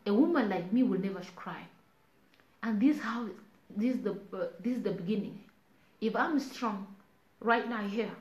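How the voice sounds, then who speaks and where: A woman's voice: medium pitch, darkish tone. A South Sudanese woman talking earnestly to viewers in a casual live stream, pleading and switching between languages. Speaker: online talk host. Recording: roomy, dull lo-fi sound.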